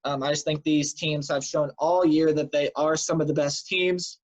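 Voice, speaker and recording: A man with a slightly high voice recaps the week's games in a chatty, rambling way, full of fillers. He sounds tired. The sound is dull and lo-fi, like a cheap home recording. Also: fairly even intonation, normal speed. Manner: chatty, filler-heavy, offhand predictions. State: tired and yawning. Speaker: sports show host. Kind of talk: casual sports news recap.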